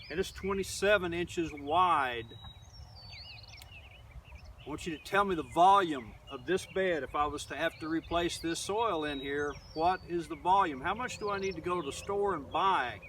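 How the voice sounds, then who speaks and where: Out in his garden, a middle school teacher from Oklahoma, an older man, rambles through an informal lesson with plenty of fillers. His voice is slightly high and fairly bright, recorded from a distance with faint outdoor sounds.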